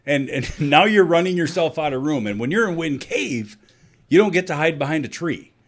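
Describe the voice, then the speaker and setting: A man's voice: a little high, animated, moderate pace. A man from South Dakota co-hosting a casual sports podcast, telling stories bluntly and swearing freely. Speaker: podcast co-host.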